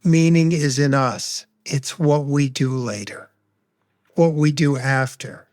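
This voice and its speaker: A man talks about loss in a measured, heartfelt tone. He speaks slowly, letting each thought land. His voice is dry and close, with no room sound. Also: medium pitch, darkish tone, dry recording. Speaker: grief expert guest. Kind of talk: reflective personal storytelling.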